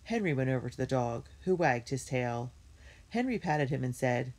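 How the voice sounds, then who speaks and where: A woman reading a children's storybook aloud in a steady, clear storytelling manner. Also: extremely low pitch, moderate pace. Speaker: reader.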